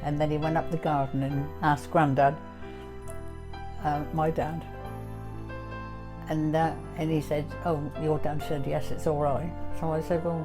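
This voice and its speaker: An older woman fondly reminiscing in an interview, hesitant with many pauses. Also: deep voice, flat delivery, music in the background. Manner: hesitant, fond, many ums.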